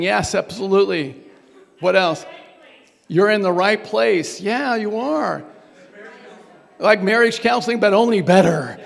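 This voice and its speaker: A man's voice: high-pitched, creaky, fairly bright tone, in a large hall. A man leading a workshop group exercise, coaching and urging the room on with energy. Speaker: workshop presenter.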